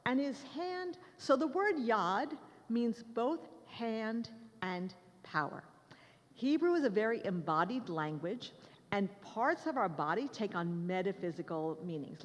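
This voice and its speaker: A woman giving a lecture to an audience in a conversational, joking way. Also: mid-range voice. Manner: lively and conversational, joking with listeners. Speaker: lecturer on the Hebrew Bible. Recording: long reverb of a large hall.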